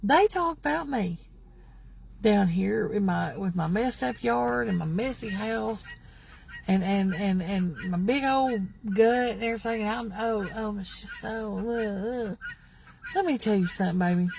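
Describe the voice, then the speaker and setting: A woman's voice: medium pitch, measured pace, vocal fry, a little mellow, slight background noise. A woman in her fifties ranting to her followers in a vlog, indignant and rambling, repeating herself as she speaks to the camera outdoors at home. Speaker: vlogger. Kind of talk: angry vlog rant to followers.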